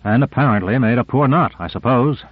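A man's voice: mid-range voice, brisk, husky, no room sound, lightly acted. A terse, defensive agent, as a male narrator reads him, clipped and wary. The audio is dry and narrow, like a phone line.

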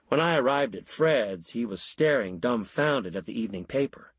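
Husky male storyteller, lively inflection. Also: mid-range voice, no echo. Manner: wry, measured storytelling. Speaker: narrator. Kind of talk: audiobook narration of a short story.

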